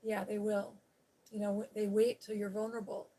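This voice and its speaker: A woman's voice: medium pitch, level tone, moderate pace, warm tone. A woman hosting a live stream talks in a loose, candid way. She rambles through a personal story, tucking "you know" and "okay?" into her sentences and laughing now and then. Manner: laughs while talking. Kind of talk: casual chat.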